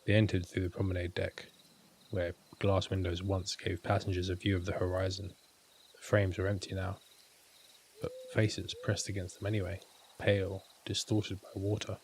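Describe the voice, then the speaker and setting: Deep, flat-voiced man narrating horror. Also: slight background noise.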